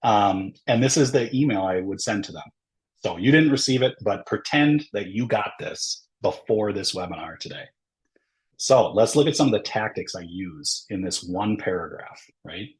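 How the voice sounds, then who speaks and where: A workshop presenter with a fairly low voice and lively intonation talks at a normal speed through a webinar lesson. He walks through the material step by step, conversational, with ums and uhs and a frequent "right?" between points, over poor-quality audio.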